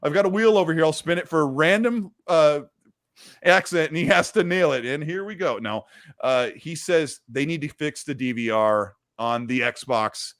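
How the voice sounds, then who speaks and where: A man hosting a gaming stream in a loose, chatty way, his voice sitting a touch high for a man. The sound is dry and close on a desk mic, with no room around it. He reads viewer messages aloud between his own remarks. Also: moderate pace, fairly bright tone, dry recording. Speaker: host. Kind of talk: casual livestream chat.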